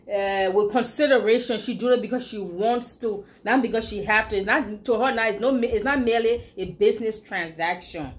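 A woman with a Liberian English accent, giving emphatic opinionated commentary as a blogger and scolding with rhetorical questions. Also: mid-range voice.

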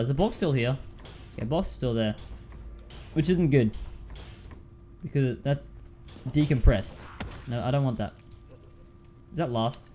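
A man's voice: medium pitch, darkish tone, slight background noise. A man giving casual commentary while playing a video game, repeating himself and calling listeners dude and man. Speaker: gaming YouTuber.

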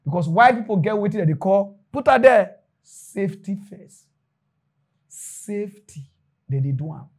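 A man with a Nigerian Pidgin accent giving animated, preachy commentary. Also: sits high, moderate pace, slightly rough. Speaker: commentary host. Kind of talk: casual commentary.

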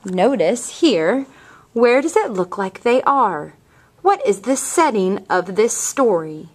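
Woman teacher, slow and clear, bright sing-song delivery for young kids. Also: mid-range voice, very animated. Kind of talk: reading a picture book aloud to children.

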